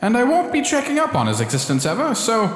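A man's voice: huge pitch swings, quick pace, full character voice. A man voicing a self-important talking oak tree in a cartoon who makes grand proclamations and then grumbles about petty things. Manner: booming pompous proclamations that slip into casual complaining. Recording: roomy echo with long reverb.

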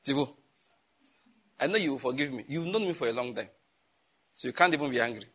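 A man preaching a sermon as pastor, animated and scolding, with jokes and sudden jumps in pitch. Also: brisk, slightly rough.

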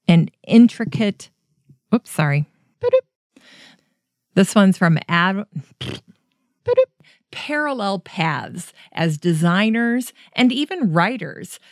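Woman host reading outtakes, laughing at her own slips; unhurried delivery, dead-dry room. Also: medium pitch, darkish tone, dry recording. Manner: self-mocking, laughs at her own flubs. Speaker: podcast host. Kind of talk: recording outtakes, reading segments aloud.

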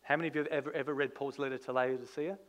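A man, a pastor, preaching a sermon in an animated, conversational way, full of rhetorical questions. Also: medium pitch, very fast.

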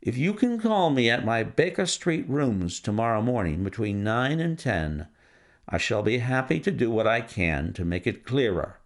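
Man voicing a composed gentleman sleuth, dry and exact, gravelly low tone with lively rises. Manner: measured, dry and self-assured. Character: cool, precise gentleman detective, adult male.

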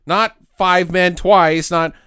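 A man co-hosting a casual podcast, recapping a movie in an animated way, swearing and acting out the characters' lines. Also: high voice, slow pace, clean tone, no room sound, clean studio sound. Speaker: podcast co-host recapping a film. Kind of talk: casual chat.

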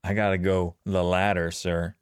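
A man co-hosts a casual podcast, goofy and eager as he jokes along. His voice sits a little low. The sound is close and dry. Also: level tone, normal speed, clear, resonant tone, dry recording. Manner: goofy, enthusiastic, joking. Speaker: podcast co-host.

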